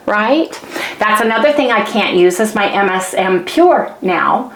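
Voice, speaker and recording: A chatty woman talks straight to her viewers in a rambling, animated vlog rant. Her voice sits a little high for a woman. The sound is echoey, as if she is recording in a bare room. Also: measured pace. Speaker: vlogger.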